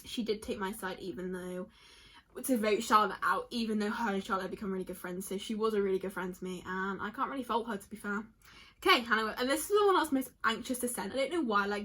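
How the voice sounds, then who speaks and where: A young woman talks in a loose, rambling vlog style, reading answers aloud and welling up easily. Her voice is bright and a little breathy, slightly high for a woman. Faint music sits underneath. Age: young adult. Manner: chatty, rambling, quick to tear up. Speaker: vlogger.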